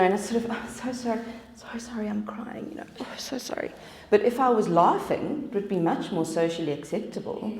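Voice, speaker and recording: A woman's voice: mid-range voice, darkish tone. A woman, giving an informal talk to an audience at a wellness event, chatty and acting out the voices she quotes. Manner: chatty, acts out quoted voices, laughs at herself. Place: event room. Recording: roomy echo.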